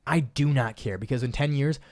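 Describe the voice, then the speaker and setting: Young male host, rapid and chatty, animated storyteller. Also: mid-range voice. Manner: animated storyteller, acts out quoted voices. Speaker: podcast host. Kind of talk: casual chat.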